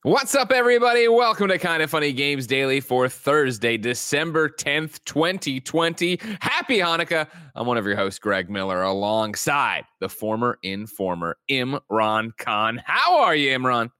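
An energetic male host runs his daily talk show with quick jokes and casual swearing. His voice sits in the middle range. The sound is dry and close to the mic. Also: medium pitch, smooth, no room sound. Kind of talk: casual show banter and show intro.

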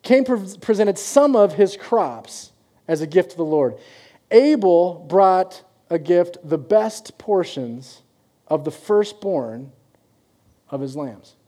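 A male pastor delivers a sermon in a loose, conversational way, slipping into the voices of the people in his stories. His voice sits a little high and sounds mellow. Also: animated, takes it slowly. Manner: conversational, acts out quoted voices.

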